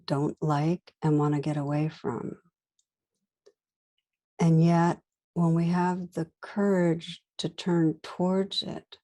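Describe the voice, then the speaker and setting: A woman meditation teacher giving a dharma talk, telling stories in a gentle, unhurried way with soft pauses. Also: sits low.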